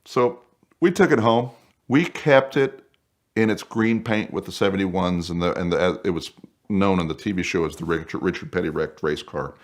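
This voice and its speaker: Male storyteller, deep voice, lively anecdotal telling. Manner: animated, acts out voices in quotes. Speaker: guest storyteller. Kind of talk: casual spoken anecdote.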